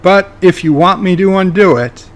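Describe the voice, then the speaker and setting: A man's voice: high voice, normal speed, voice pushed up, natural voice. A man doing Q, a smug all-powerful trickster. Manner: teasing, smirking riddles. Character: smug omnipotent male trickster being.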